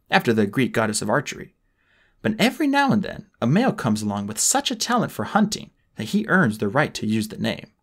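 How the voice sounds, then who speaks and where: Man doing a smug, calm boy genius. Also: medium pitch, heavily acted. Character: cold, superior teenage boy genius.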